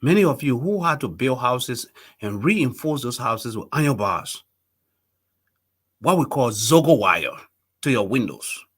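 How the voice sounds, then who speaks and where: A man's voice: mid-range voice, very animated, unhurried, slightly rough. A middle-aged Liberian man hosting a live political talk show, making impassioned appeals to his viewers.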